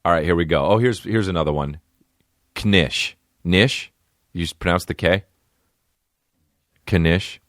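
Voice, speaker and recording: A man in his thirties hosting a comedy podcast, ranting loudly and crudely, often jumping up into a high mocking voice. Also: fairly quick, no room sound, studio quality. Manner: loud, profane, animated, jumps into high mocking pitch. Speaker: podcast host.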